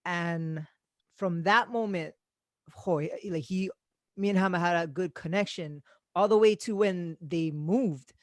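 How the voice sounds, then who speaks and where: A man, hosting a podcast and telling stories in casual chat, animated and swearing freely. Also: high-pitched, slow, no echo. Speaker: podcast host.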